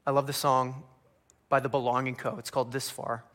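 A man preaching a sermon, animated, often asking "right?" and acting out humorous asides. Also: medium pitch, a little fast. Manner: animated preaching, acting out humorous voices of biblical figures, tag questions. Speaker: pastor.

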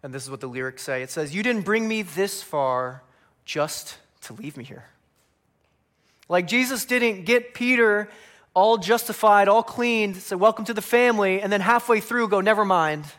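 A man preaching a sermon, animated, often asking "right?" and acting out humorous asides. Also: sits high, measured pace. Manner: animated preaching, acting out humorous voices of biblical figures, tag questions. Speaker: pastor.

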